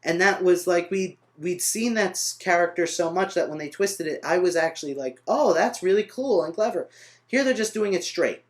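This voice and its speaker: A man's voice: high-pitched, normal speed, few pauses. A young man ranting in an unscripted vlog review, rambling off on tangents and correcting himself as he goes. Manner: rambling, trails off on tangents, frustrated. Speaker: vlogger reviewing a film. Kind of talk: off-the-cuff vlog rant.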